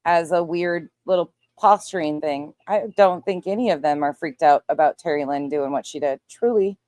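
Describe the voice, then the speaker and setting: A woman with a notably low voice comments on a livestream clip in a dry, mocking tone. Her voice sounds close and dead, with no room around it. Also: a little mellow, no echo. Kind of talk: sarcastic commentary over a clip.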